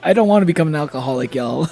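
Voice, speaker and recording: A man's voice: on the high side, expressive, rapid-fire, vocal fry, warm tone. A man streaming live in casual chat, a little tipsy from drinking, who laughs often and swears freely.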